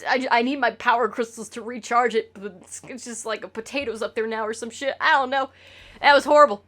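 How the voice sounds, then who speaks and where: A woman's voice: a little high, fairly even intonation, a little fast, a bit bright. A woman streamer talking casually to her chat, rambling and swearing with lots of stammered restarts.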